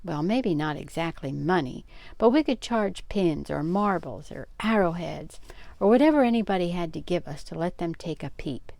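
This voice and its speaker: A woman's voice: lowish voice, moderate pace, gravelly, no echo. An older woman voicing a bold, teasing schoolboy full of schemes, in a storybook read-aloud. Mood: excited. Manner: excited, bossy, teasing.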